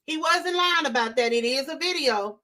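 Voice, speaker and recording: A woman hosting a casual live-stream, talking straight to her chat in an animated way and repeating her points for emphasis. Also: high-pitched, normal speed. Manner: animated, repeats herself, addresses chat directly. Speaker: livestream host.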